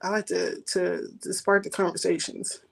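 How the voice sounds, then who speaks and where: A woman's voice: on the low side, level tone, normal speed, creaky. A woman in a casual group chat who asks thoughtful, probing questions. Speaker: participant asking questions.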